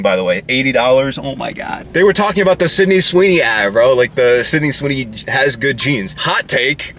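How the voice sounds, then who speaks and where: A man's voice: fairly low pitch, sharp tone, a little hiss or hum. A young man vlogging in a casual, rambling way, joking and cutting himself off, recorded outdoors in a parking lot on an action camera. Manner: rambling, joking, self-interrupting. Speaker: motorcycle vlogger. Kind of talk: casual vlog chat.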